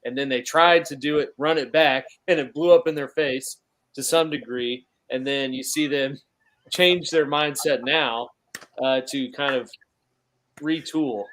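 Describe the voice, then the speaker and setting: Male podcast co-host, mid-pitched and easygoing; stumbles into points and asks questions. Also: steady tone, unhurried, fairly bright tone. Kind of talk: casual sports podcast chat.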